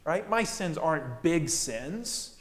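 A man's voice: fairly high pitch, big pitch swings, slow pace, echoey room, big-room sound, a little hiss or hum. A man preaching a sermon as pastor, emphatic and repeating his key phrases.

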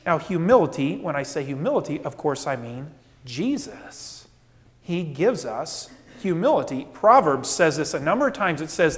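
A man preaching a sermon as pastor, animated, asking rhetorical questions and acting out the people in the story. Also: a little high, normal speed, in a large hall. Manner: animated, rhetorical questions, acts out quoted voices.

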